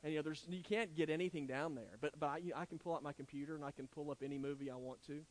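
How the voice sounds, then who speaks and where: A man's voice: on the high side, fairly even intonation, fast. Earnest preacher man. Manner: earnest, conversational preaching with frequent restarts. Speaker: pastor. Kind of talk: sermon.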